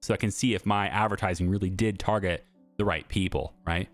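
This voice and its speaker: A man hosting a gameplay video, chatting casually and thinking out loud with lots of fillers. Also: low-pitched, steady tone, fairly quick, soft background music.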